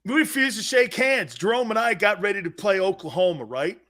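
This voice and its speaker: A brash, profane man in his fifties hosting a sports talk show, telling loud stories in a casual way. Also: high voice, expressive, fairly quick. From United States. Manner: brash, profane, storytelling with loud shouted quotes.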